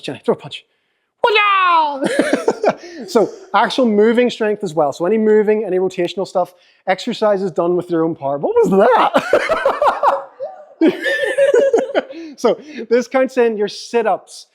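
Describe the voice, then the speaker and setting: Upbeat Northern Irish fitness coach. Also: male voice, a little high, darkish tone. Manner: upbeat, joking, coaching a volunteer. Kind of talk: seminar demonstration.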